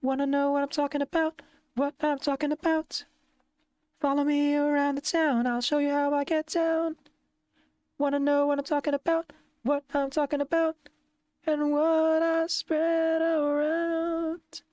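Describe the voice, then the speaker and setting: A woman's voice: sits high, flat delivery, unhurried, darkish tone, no room sound, studio quality, pitched above the performer's own voice. A woman voicing a jolly, mischievous Christmas ghost who sings in a bouncy, showy way. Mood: exuberant.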